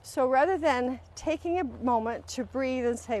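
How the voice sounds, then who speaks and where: A woman's voice: high-pitched, normal speed. A woman hosting a live-stream talk on emotional healing, speaking earnestly to viewers and acting out quoted voices as she goes. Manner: animated, acts out quoted voices mid-sentence; earnest, directly addresses viewers. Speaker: host. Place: at home, on a live video stream.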